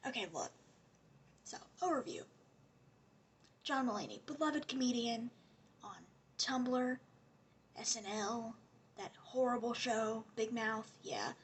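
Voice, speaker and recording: A woman's voice: a little high, fairly bright tone, a little hiss or hum. A woman giving a casual, rambling rant as a commentary vlogger, sarcastic and often dropping to a whisper.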